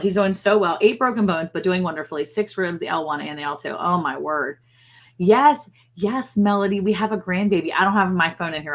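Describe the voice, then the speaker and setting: Middle-aged woman, livestream host. Slightly low voice, chatty and gushing, animated storyteller. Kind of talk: casual livestream chat.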